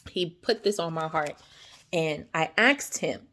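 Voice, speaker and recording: A woman with a somewhat low voice gives a chatty, animated devotional talk, often checking in with her listeners. She acts out quoted voices and often drops soft and low. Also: unhurried. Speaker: faith vlogger. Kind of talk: casual devotional talk to camera.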